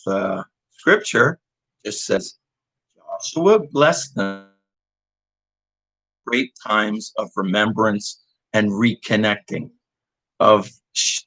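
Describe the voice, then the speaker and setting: Slow, heartfelt man reading a devotional. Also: mid-range voice, pushed and bright, low-quality recording. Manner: slow, heartfelt, with hesitant restarts. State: recovering from illness, emotional. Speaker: church devotional leader.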